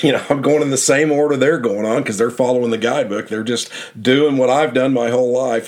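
A man hosting a travel podcast, telling stories in a loose, rambling, folksy way and often repeating phrases. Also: mid-range voice. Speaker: podcast host and tour guidebook author. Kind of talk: casual storytelling travel podcast.

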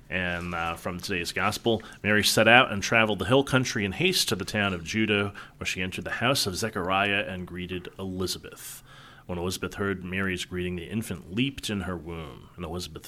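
Deep bright-voiced man, chatty co-host. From New York City. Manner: chatty, tells anecdotes. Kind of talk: casual chat and scripture reading.

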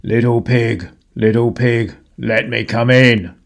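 A man's voice: medium pitch, gravelly. A man growling as the big bad wolf. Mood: menacing. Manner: growling, drawn-out threats. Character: big bad male wolf, hungry and menacing.

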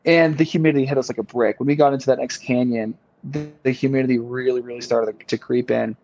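A man's voice: mid-range voice, fairly even intonation, fast, darkish tone, faint music behind. A man as a podcast guest, telling a long story in a casual, rambling way with many fillers and repeated words. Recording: slightly dull lo-fi sound.

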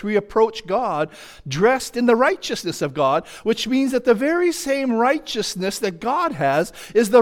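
High-voiced man preaching a sermon. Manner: emphatic, builds long repeated lists.

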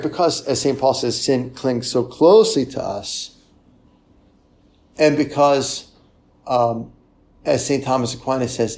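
With a medium-pitched voice, a man preaches in a chatty, conversational style. He keeps asking "right?" and lowers into a gentler tone to dramatize confessions.

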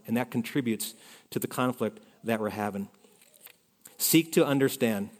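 Pastor preaching in a reverberant hall. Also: male voice, mid-range voice, moderate pace. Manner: conversational, shifting between loud emphasis and soft near-whispered asides. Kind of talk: sermon. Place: church sanctuary.

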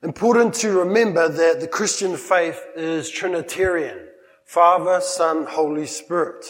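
A man's voice: on the high side, a little slow, long reverb tail, rough recording. A man preaching a sermon, emphatic and with playful humorous asides. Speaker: pastor. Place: church.

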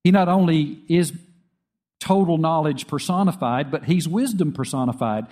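Earnest preacher with a higher voice. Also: male voice, moderate pace, dark tone. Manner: earnest, repeats himself with fillers and restarts. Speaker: pastor. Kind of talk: sermon.

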